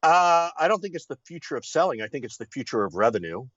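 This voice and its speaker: A man's voice: fairly high pitch, big pitch swings, fast talker, fairly bright tone, no echo. A man, a sales consultant guest in an interview, explaining ideas in a confident, teacherly way with many fillers and rhetorical questions. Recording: slightly dull, lo-fi sound.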